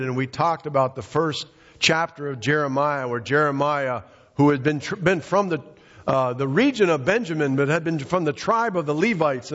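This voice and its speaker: A male pastor preaching a sermon in a conversational, storytelling way. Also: mid-range voice. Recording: dull, echoey hall recording.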